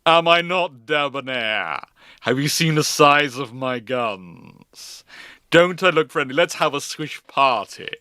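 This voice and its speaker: A man's voice: medium pitch, animated, takes it slowly, sharp tone, clear, resonant tone, no echo, studio quality. A man voicing a debonair armored cruiser, smug and showy. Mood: smug swagger.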